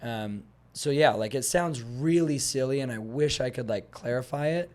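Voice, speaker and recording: A young adult man chatting as a podcast guest at a mid pitch. He tells stories with lively energy and acts out what people said. He wanders a bit, restarting sentences as he thinks aloud. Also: normal speed. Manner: animated storyteller, acts out dialogue; rambling with frequent restarts and fillers. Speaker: guest, fitness instructor. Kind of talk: casual podcast conversation.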